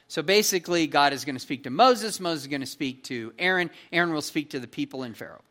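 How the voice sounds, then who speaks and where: A man's voice: fairly high pitch, animated, quick pace, few pauses, sharp tone. A man preaching an expository sermon in a conversational, emphatic way, often checking in with his listeners. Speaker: pastor.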